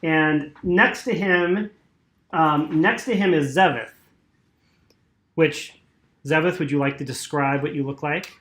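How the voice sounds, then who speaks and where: A man's voice: a little high, takes it slowly, pauses often, a bit bright. A man narrating as game master for a tabletop game, hesitant with many fillers. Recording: roomy echo.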